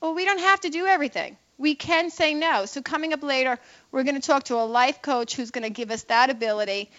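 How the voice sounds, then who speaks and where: A high-pitched woman hosts a talk radio show in a brash, opinionated way, firing off quick asides. The sound is dull and lo-fi, like an old broadcast. She talks to listeners as if they are in on the joke. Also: a bit bright.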